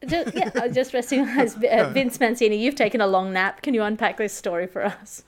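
A woman's voice: on the high side, fast. A woman hosting a comedic news podcast, with a dry, wry delivery. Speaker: host.

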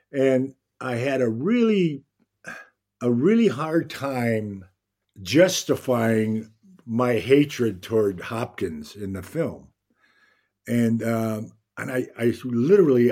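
Older man telling showbiz anecdotes. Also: mid-range voice. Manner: animated anecdote-telling, acts out quotes, frequent laughter. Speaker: guest actor. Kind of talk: casual interview storytelling.

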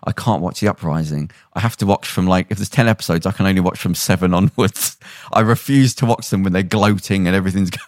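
Brief: lower-pitched male podcast host, chatty and animated, dry studio sound. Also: fast, few pauses, no room sound. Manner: animated retelling with acted-out quotes. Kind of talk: casual chat, storytelling.

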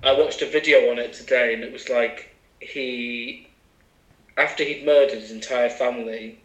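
A man's voice: medium pitch, steady tone, normal speed, reverberant, poor audio. A man from England chatting casually as a podcast guest, with many fillers and asides. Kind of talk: casual chat.

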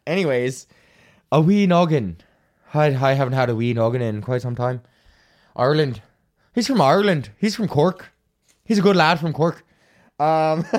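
A man's voice: on the high side, clear, resonant tone. A man hosting his own podcast, talking in a rambling, profane, self-mocking way. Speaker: podcast host. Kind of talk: casual solo podcast rant.

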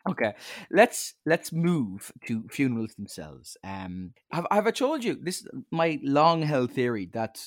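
A man's voice: medium pitch, very animated, measured pace, no room sound, studio quality. A man co-hosting a podcast, telling anecdotes in a jokey, casual way and laughing at his own jokes. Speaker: podcast co-host. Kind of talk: casual chat.

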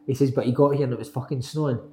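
A man's voice: mid-range voice, fairly even intonation, racing, warm tone. A man hosting a casual football podcast, swearing freely and laughing often. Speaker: podcast host. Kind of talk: casual chat. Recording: echoey room with faint noise.

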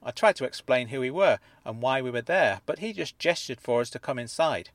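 A man narrates a first-person audio story, earnest and measured. He sits close to a studio mic with a mid-range voice and dry, dead sound with no room echo. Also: medium pitch, expressive.

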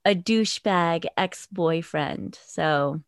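A woman guest on a podcast, telling a story in an animated way and swearing freely. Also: fairly low pitch, slow, smooth, dry recording, studio quality.

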